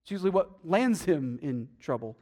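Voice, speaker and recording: A man preaching a sermon, emphatic and swinging between loud stresses and hushed, intimate asides. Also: fairly high pitch, sing-song, moderate pace. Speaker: pastor.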